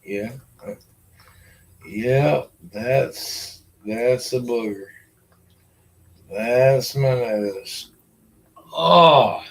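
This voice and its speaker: A man's voice: mid-range voice, extremely slow, pauses often, darkish tone. A man in his forties rambling in a casual, profane chat and talking to his dog. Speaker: vlogger.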